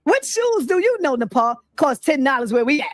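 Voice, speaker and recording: A woman's voice: high voice, big pitch swings, brisk, no echo, studio quality. A woman co-hosting a casual reaction chat, talking in a profane, scolding way. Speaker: co-host.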